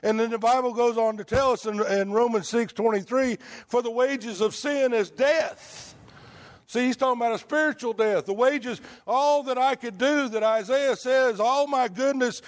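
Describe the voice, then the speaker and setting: Speaking at a moderate pace in an extremely high voice, a man preaches a conversational sermon, putting rhetorical questions to the congregation.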